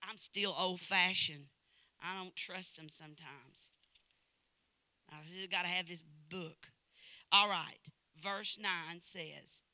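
An older woman from Knoxville, Tennessee, with an East Tennessee Southern accent, preaching a church sermon with emphatic repetition that swings from loud to hushed. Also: on the low side, steady tone, takes it slowly, no room sound. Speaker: guest preacher. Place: church service.

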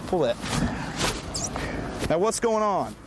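A male police officer giving calm, firm, repeated commands and explaining a street stop. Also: high voice, slow. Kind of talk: on-duty commands and commentary. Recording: outdoor street noise.

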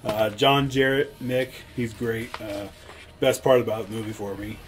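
A man's voice: on the low side, fairly even intonation, moderate pace, a little hiss or hum. An easygoing man co-hosting a podcast in casual chat. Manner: easygoing and often laughing. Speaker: podcast co-host.

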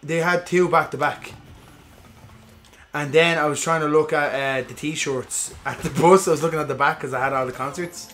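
A man's voice: fairly high pitch, steady tone, normal speed, a bit bright, slight background noise. A man chatting casually while playing a game, telling a story with lots of swearing and acted-out quotes. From Ireland. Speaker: gaming podcast co-host.

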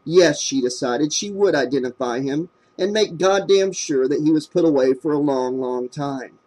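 A man narrating a horror novel in a steady, measured reading voice. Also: a little high. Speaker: audiobook narrator. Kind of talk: scripted narration.

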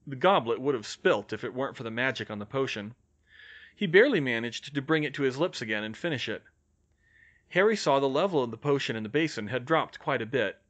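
A man narrating a fan fiction audiobook in an expressive reading style. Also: medium pitch. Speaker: reader.

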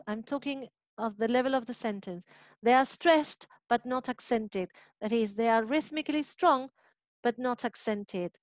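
A woman lecturing on phonetics over a video call, with a slightly high voice. She explains patiently and restates each point in new words. The sound is dull and dry, like a muffled call. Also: a little mellow, no room sound. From Argentina. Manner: explanatory, repeats and rephrases points. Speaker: university phonetics teacher. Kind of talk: online lecture explaining intonation.

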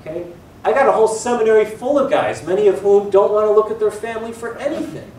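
A middle-aged priest giving a conversational public talk in an auditorium, a lively storyteller with self-deprecating humor. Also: male voice, high voice, fast, slight background noise. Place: planetarium auditorium. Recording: echoey hall, mic at a distance.

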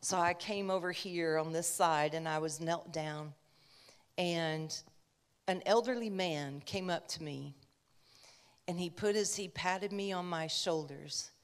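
A woman's voice: on the low side, unhurried, smooth. A woman preacher giving a conversational sermon, telling a personal story with chatty asides.

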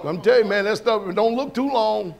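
High-voiced preacher man. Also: brisk, vocal fry. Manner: folksy, animated, shouts and laughs; questions the congregation. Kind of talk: sermon.

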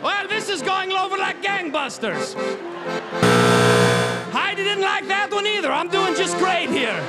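A man putting on a thick French accent, high-pitched. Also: full character voice. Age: 30s. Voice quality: heavy put-on French accent, shouty punchlines. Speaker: stand-up comedian. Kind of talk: stand-up comedy on stage. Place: large theater stage with audience. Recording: stage mic with loud crowd and music. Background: loud crowd and music.

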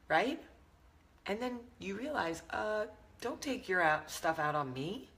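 A woman's voice: mid-range voice, animated, unhurried, a bit bright. A woman in her thirties with a New York-area accent, talking candidly to camera as a vlog host. She is blunt and self-mocking and swears freely. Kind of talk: casual chat to camera.

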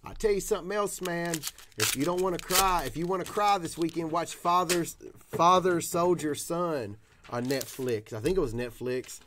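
Some background noise accompanies a Tennessee card breaker as he hosts a casual stream of card openings, speaking at a moderate pace in a slightly high voice and whooping, cursing and carrying on rowdily.

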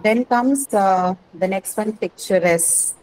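A woman's voice: medium pitch, measured pace, a little mellow, slight background noise, rough recording. A woman English teacher taking an online class, explaining word stress patiently and confirming answers with "correct" and "that's right".

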